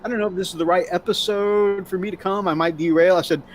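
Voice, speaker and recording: A man's voice: sits high, steady tone, fast talker, background noise. A man co-hosting a live chat show, upbeat and reading viewer comments aloud. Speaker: co-host. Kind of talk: casual chat.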